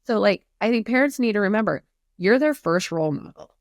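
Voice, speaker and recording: A woman's voice: mid-range voice, animated, brisk, no echo, studio quality. A woman therapist speaking earnestly and emphatically in a podcast conversation, explaining at length. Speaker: therapist guest.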